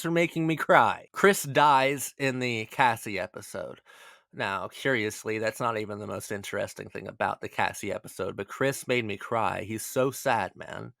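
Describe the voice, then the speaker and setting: A man of middle pitch talks through a casual video analysis with animated energy, restarting words as he stammers toward his point and swearing freely. The sound is close and dry, with no room behind him. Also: normal speed, gravelly, no room sound. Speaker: video essay host.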